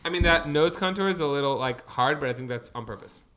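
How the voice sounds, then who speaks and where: A young man co-hosting a casual chat, opinionated and rambling, often trailing off softly. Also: a little high, fast. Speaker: co-host.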